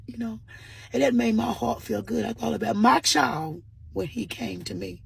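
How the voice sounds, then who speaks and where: A woman's voice: on the high side, moderate pace, vocal fry, husky. A woman earnestly telling a personal story in a vlog, often repeating "I said" and offering religious encouragement. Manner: earnest, repeats "I said" while retelling. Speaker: vlogger.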